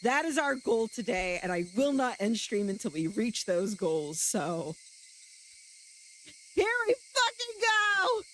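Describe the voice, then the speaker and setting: A woman's voice: mid-range voice, unhurried, hardly any pauses, slight background noise. A woman streaming live, chatting casually and reading a visual novel aloud, laughing often and swearing freely.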